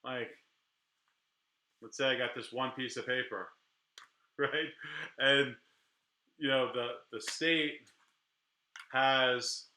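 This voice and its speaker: Middle-aged lawyer guy rambling candidly to the camera, restarts a lot, really bright sharp voice, kinda roomy sound. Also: mid-range voice, steady tone, takes it slowly, pauses often. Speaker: criminal defense attorney. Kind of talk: casual talk to camera.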